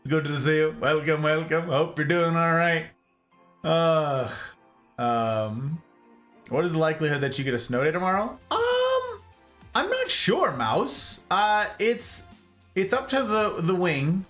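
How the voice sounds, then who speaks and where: A man's voice: fairly high pitch, measured pace, faint music behind. A man hosting a casual livestream, chatting with viewers in a jokey, exclamatory way. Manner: animated, jokey, exclaims and laughs often. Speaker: livestream host. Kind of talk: casual chat with live viewers.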